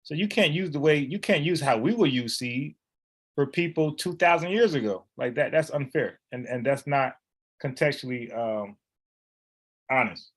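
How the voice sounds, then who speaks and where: A man, debating and explaining a Bible word in casual, animated talk, often restarting his phrases. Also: mid-range voice, normal speed. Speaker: online Bible teacher.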